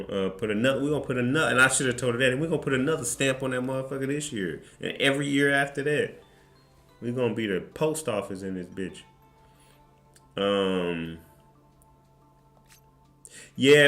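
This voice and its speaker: A man's voice: mid-range voice, fairly bright tone. A man streamer telling a story in a rambling, profane, joking way. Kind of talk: casual storytelling chat.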